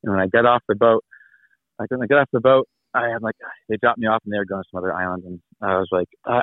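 A man's voice: on the low side, steady tone, quick pace, no room sound. A man in his thirties telling a long travel story over a call, rambling and laughing as he acts out the people in it. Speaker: guest. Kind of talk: casual storytelling. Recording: tinny phone-like line.

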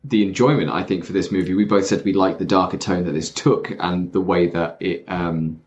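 A man's voice: low-pitched, steady tone, normal speed, a little mellow, dull audio. A man co-hosting a podcast in casual, jokey chat. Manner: easygoing, jokey, chatty. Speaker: podcast co-host.

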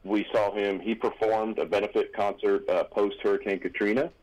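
Deep-voiced man telling rambling radio stories. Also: steady tone, normal speed, a little mellow, rough recording. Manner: rambling anecdotes with many restarts. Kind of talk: casual radio chat.

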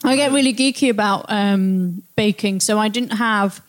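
A woman's voice: medium pitch, normal speed. A woman, a guest baker, chatting in detail and laughing easily. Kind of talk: casual chat.

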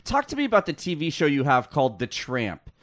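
A man's voice: on the high side, wildly swooping pitch, a little fast, a bit bright. A man hosting an interview, asking casual questions in a playful, teasing way. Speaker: podcast host.

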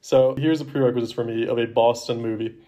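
A man's voice: medium pitch, steady tone, quick pace, mellow. A young man co-hosting a casual movie podcast, upbeat and teasing as he steers the conversation. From Asheville area. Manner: upbeat, teasing, leads the segment. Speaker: podcast co-host.

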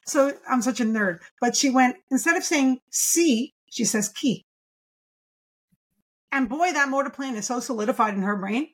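A woman's voice: high voice, a little fast, hardly any pauses, a bit bright. A woman speech therapist as a podcast guest, talking enthusiastically and emphatically, posing rhetorical questions as she explains. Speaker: pediatric speech-language pathologist guest. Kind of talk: podcast interview.

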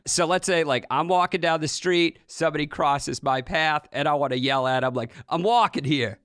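A man hosting a podcast, reading a lively scripted intro and then joking casually with his guest. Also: on the high side, normal speed, clean tone, no echo, clean studio sound. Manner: lively, jokey, self-mocking. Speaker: podcast host.

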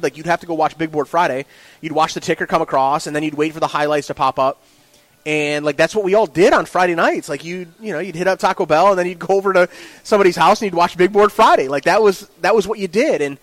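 Thirties man, sports director guest, animated storyteller with restarts, brightish voice on a dry close mic. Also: on the high side, no echo, rough recording. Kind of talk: casual podcast interview.

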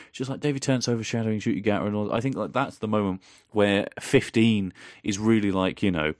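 A man's voice: fairly low pitch, animated, quick pace, hardly any pauses, dry recording. A man co-hosting a podcast, chatting casually and enthusiastically, swearing freely and acting out quoted lines. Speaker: podcast co-host. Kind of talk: casual fan chat.

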